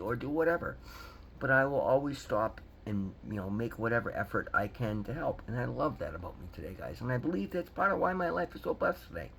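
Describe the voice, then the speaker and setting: An earnest man in his fifties rambles warmly to camera, often restarting and repeating his words. His voice sits at an ordinary middle pitch, with faint noise behind it. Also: rough recording. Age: 50s. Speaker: recovery vlogger. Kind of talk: casual motivational talk to camera.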